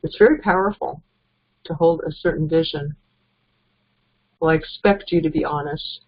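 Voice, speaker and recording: Speaking at a moderate pace in a deep voice, a network marketing trainer gives a casual but earnest motivational talk, chuckling between her points. The recording is dull and lo-fi.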